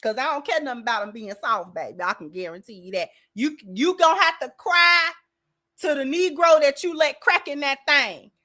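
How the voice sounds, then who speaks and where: A woman's voice: high-pitched, moderate pace, bright, forceful tone. A woman hosting a commentary channel, reacting in a sassy, emphatic way and calling people baby.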